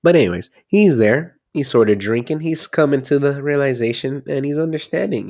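A man's voice: medium pitch, fairly quick, vocal fry, a little mellow. A man casually recapping a film plot, rambling and swearing freely as he goes.

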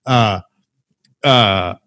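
Man, podcast co-host, crude and profane, animated storyteller, dry close recording. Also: lowish voice, very slow, no room sound. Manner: profane, animated storytelling with shouted quoted voices. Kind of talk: crude casual comedy podcast banter.

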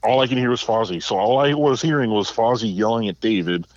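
A man's voice: mid-range voice, quick pace, no echo, muffled recording. A man co-hosting a movie podcast, telling a casual anecdote and setting up a question for the others. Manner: storytelling, builds up to his point. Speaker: podcast co-host.

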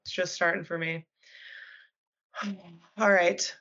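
Woman, twenties, co-host, quick teasing banter, lo-fi dull recording. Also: lowish voice, fairly even intonation, a bit bright. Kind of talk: casual chat. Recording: dull lo-fi sound.

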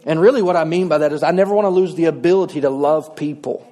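A man's voice: fairly high pitch, quick pace, dark tone. A middle-aged man, preaching a sermon in a folksy, conversational way with touches of humor. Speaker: pastor.

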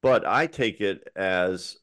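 A man co-hosting a casual podcast chat, relaxed and encouraging, with frequent fillers. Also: low-pitched, takes it slowly, dry recording. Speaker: podcast co-host.

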